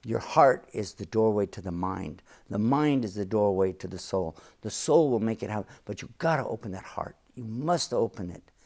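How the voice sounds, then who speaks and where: A man's voice: on the low side, animated, normal speed, creaky, hardly any pauses, a little mellow. A man, a sheikh who is a guest on the show, explaining his faith in an earnest, emphatic way and repeating key phrases. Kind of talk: religious teaching in an interview.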